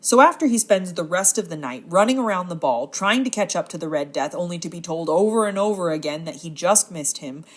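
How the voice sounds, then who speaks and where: A woman's voice: fairly low pitch, a little fast, few pauses, soft background music. Chatty woman recapping a classic novel. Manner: chatty, playful asides. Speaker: book synopsis narrator. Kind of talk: casual storytelling recap.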